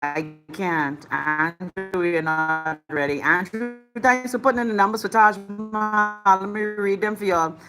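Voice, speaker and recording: A woman's voice: mid-range voice, measured pace, few pauses, music in the background. A woman with a Bahamian accent hosting a live chat show, reading out viewer comments in a sassy, blunt, swearing way.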